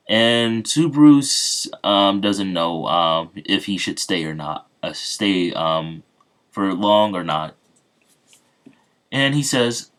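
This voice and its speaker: Making up a fan-fiction tale on the spot, a channel host speaks in a fairly bright voice on the low side, animated but unhurried. The telling is loose and off the cuff, dotted with casual asides to his viewers.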